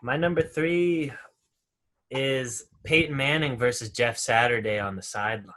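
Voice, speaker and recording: A man co-hosting a casual sports podcast, telling a story in a relaxed way. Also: medium pitch, unhurried. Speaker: podcast co-host. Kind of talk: casual chat.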